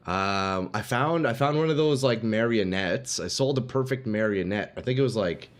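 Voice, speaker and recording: A game streamer with a lowish, expressive voice chats casually with his viewers at a normal pace. He's laid-back and slangy during the livestream, calling them "dude" and "boys."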